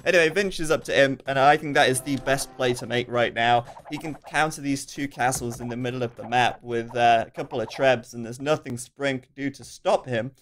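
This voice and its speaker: This is a man casting a strategy game match live, in a relaxed and chatty manner. His pitch sits at an ordinary middle level, and he breaks off now and then to read out viewer questions. Quick asides and fillers run through his talk. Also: a little hiss or hum. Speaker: esports commentator.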